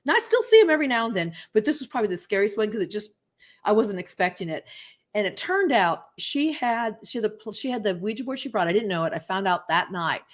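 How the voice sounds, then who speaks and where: A woman guest on a talk show who tells stories in a casual, animated way and acts out the voices of people she quotes. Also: mid-range voice, fast. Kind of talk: casual interview storytelling.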